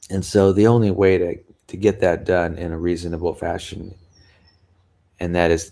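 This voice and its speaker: In a deep, gravelly, somewhat mellow voice, a vlogger addresses his viewers in a loose, rambling chat. Frequent laughs and sighs fill it, and he yawns now and again from tiredness.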